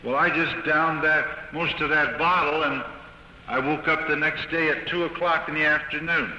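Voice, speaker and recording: Man telling his testimony in a sermon, very bright cutting voice, earnest and halting, old dull tape with long hall echo. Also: fairly high pitch, steady tone, a little hiss or hum. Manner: earnest storytelling, with halting restarts. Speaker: preacher giving his testimony. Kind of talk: sermon-style personal testimony.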